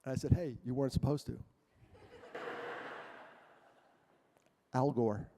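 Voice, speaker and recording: A male guest speaker telling a personal story to a church audience, animated and self-mocking, with jokes between the serious parts. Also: medium pitch, drawn-out words, a little hiss or hum. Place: church hall. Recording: long hall reverb.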